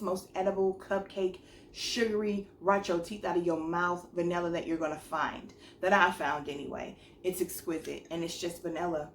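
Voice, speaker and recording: A woman's voice: lowish voice, a little hiss or hum. A woman hosting her own perfume channel, chatting casually and enthusiastically about her favorite scents, saying "like" a lot. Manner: chatty, enthusiastic, says "like" often. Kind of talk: casual chatty review vlog. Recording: echoey room, mic at a distance.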